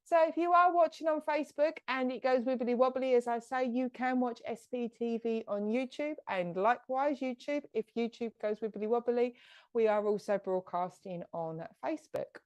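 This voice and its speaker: A woman's voice: a little high, normal speed, darkish tone, clean tone. Bubbly woman greeting viewers. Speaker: medium hosting a live stream. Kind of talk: chatty live-stream greeting.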